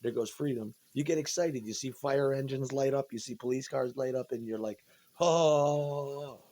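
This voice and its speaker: A man's voice: mid-range voice, fairly even intonation, fairly quick, warm tone. A man in a rambling, profane monologue from home, agitated and tripping over his words. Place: at home, indoors.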